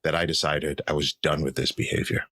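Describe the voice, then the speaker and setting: A man's voice: a bass voice, level tone, a little fast, fairly bright tone, no room sound. A man in his thirties, a podcast guest, telling his personal story in an earnest, reflective way. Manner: earnest, reflective, acts out quoted voices.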